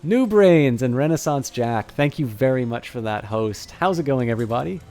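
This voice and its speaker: A man narrating as game master for a tabletop game livestream, talking in a halting, self-correcting way. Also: medium pitch, lively intonation, darkish tone, soft background music.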